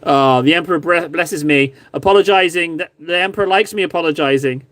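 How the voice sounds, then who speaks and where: A man's voice: on the high side, brisk, a bit bright, dry recording, clean studio sound. A man streaming live, chatting casually and joking with his viewers while painting miniatures. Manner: chatty, jokey, mock-grovelling. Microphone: phone camera.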